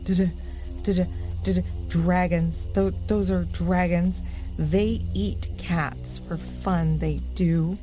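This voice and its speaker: A woman's voice: fairly low pitch, steady tone. A woman voicing a frightened young boy raccoon-dog who stutters in a storybook tale. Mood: scared. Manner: stuttering, slow. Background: music.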